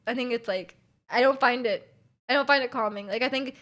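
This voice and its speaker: Chatty woman streamer, slightly high voice. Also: a little fast. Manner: chatty, many fillers, reads chat aloud; loud and energetic, volume jumps around. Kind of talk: casual live-stream chat.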